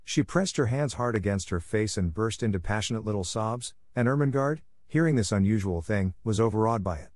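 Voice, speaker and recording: A man reading a classic novel aloud in steady, measured audiobook narration. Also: lowish voice, no room sound.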